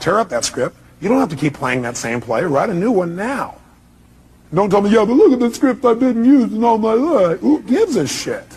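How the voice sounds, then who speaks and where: Motivational speaker, middle-aged man: high, lively voice, punchy rhetorical questions. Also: husky. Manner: emphatic, fires rhetorical questions at the crowd. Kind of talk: seminar talk to a live audience.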